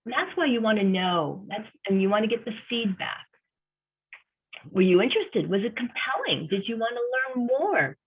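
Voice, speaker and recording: A woman's voice: a little high, very animated, moderate pace, slight background noise. A woman career coach giving an online workshop presentation, conversational and emphatic, repeating her key points. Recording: tinny phone-like audio.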